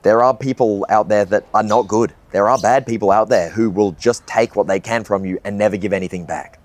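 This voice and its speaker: A young video essayist muses aloud to the camera, sounding sincere and relaxed and dropping the occasional swear word. His voice sits lowish and a little mellow, with slight noise in the background.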